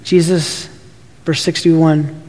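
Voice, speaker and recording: A man's voice: a little high, level tone, slow, a little mellow, long reverb tail. A man preaching a sermon, emphatic, often restarting his words as he builds his points. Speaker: pastor.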